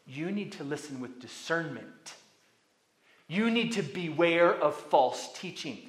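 A man preaching a sermon as pastor, emphatic, dropping to hushed asides and rising to loud commands. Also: a little high, expressive, slow pace, reverberant, slight background noise.

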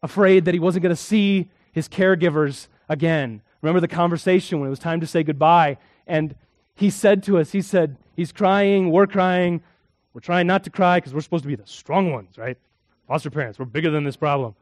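A man preaching a sermon as a pastor, telling a story and shifting from hushed, quiet moments to loud, emphatic ones. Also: a little high, brisk, no room sound, studio quality.

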